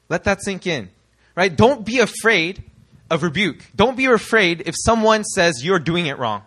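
A young man from the United States preaching a sermon, animated and throwing rhetorical questions at the congregation. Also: high voice, unhurried.

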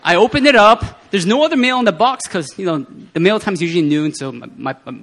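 A man speaking at a prayer meeting, telling personal testimony stories in an animated way and often laughing. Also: high-pitched, a little fast. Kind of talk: testimony sermon.

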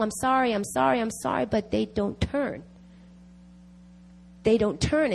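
A woman giving an emphatic sermon at a prayer meeting, repeating key phrases to drive them home. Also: a little high. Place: church meeting.

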